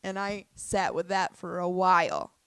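A young woman telling a story in a casual, animated way, swearing often and restarting her sentences. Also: on the low side, measured pace, clear, resonant tone, dry recording. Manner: animated, profane, lots of fillers and restarts.

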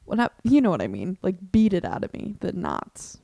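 A woman's voice: mid-range voice, huge pitch swings, moderate pace, creaky, mellow, dry recording. A young woman hosting her own podcast, chatting casually, rambling and self-deprecating, swearing now and then. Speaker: podcast host. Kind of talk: casual solo chat. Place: room at home with door open. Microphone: desk mic.

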